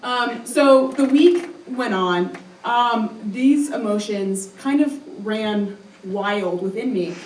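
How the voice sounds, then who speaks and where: A young adult woman with a somewhat high, darkish voice speaks slowly, heard from a distant mic with a little hiss or hum. Live on stage in a roomy hall, she tells a personal story in a chatty, self-mocking way, full of "um" and "like".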